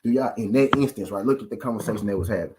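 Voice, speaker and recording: A man's voice: on the low side, racing, noisy background. A man hosting a boxing channel, giving a casual, repetitive commentary rant full of rhetorical questions to his viewers.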